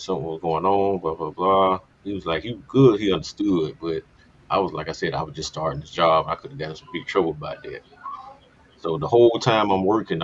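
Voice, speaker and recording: Low-pitched man, blunt profane storytelling, muffled lo-fi podcast audio, faint hiss. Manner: candid, profane, rambling. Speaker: podcast co-host. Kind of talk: casual storytelling chat.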